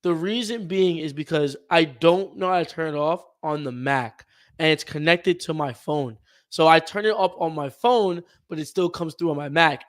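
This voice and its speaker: A young man hosting a casual sports podcast, reading chat messages aloud and joking in fast slangy banter. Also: on the high side. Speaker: podcast host.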